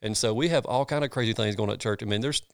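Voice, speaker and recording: A man's voice: on the low side, very fast, creaky, smooth, no room sound, studio quality. A man, a pastor talking in a casual chat, earnest and folksy, with many restarts.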